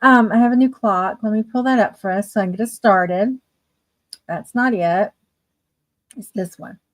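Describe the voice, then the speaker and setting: A woman's voice: medium pitch, moderate pace. A woman hosting a writing livestream, chatting casually and greeting viewers fondly by name. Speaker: livestream host of writing sprints.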